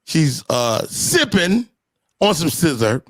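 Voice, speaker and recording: Teasing talk-show man, slightly high. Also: very animated, slow, a bit bright, no room sound, clean studio sound. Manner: joking, teasing, drops into sing-song lines. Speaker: podcast host. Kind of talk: casual comedic banter.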